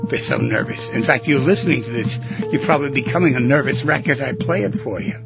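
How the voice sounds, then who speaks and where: A man's voice: medium pitch, lively intonation, fast, creaky, muffled recording, loud music behind the voice. A man hosting a talk show, musing aloud and asking the listener rhetorical questions. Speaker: radio show host. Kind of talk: reflective talk show monologue.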